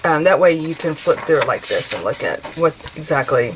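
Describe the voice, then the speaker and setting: A rambling, chatty woman in her forties, talking to viewers as she crafts, full of fillers and restarts. Her voice sits on the low side, with a faint hiss of noise behind it. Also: lively intonation, a little fast, rough recording. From United States. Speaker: craft vlogger. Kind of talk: casual chat while crafting.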